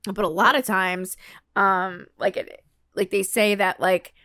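A woman's voice: medium pitch, steady tone, a little slow, pushed and bright, no room sound, clean studio sound. Earnest young woman, supportive co-host. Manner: supportive listener, earnest when explaining. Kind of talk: casual chat.

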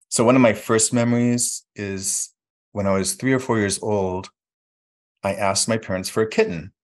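Man, lowish voice; reflective personal storyteller, halting delivery, mimics others in quotes. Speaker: guest telling his life story.

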